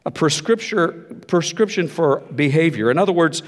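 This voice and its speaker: A man's voice: a little high, lively intonation, moderate pace, in a large hall. A man pastor preaching a sermon in a conversational, reflective way. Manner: conversational, reflective, with frequent restarts.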